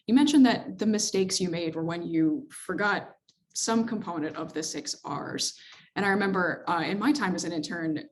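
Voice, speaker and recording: A woman's voice: on the low side, expressive, moderate pace. A woman hosting a webinar, moderating questions in a friendly, somewhat hesitant way with fillers. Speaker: webinar host.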